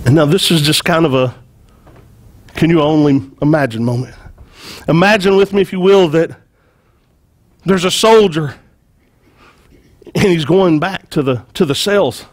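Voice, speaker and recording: Preacher guy, high voice, acts out the story, repeats himself a lot. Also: unhurried, pauses often. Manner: animated, repeats words, acts out quotes. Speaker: pastor. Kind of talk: sermon with acted-out storytelling.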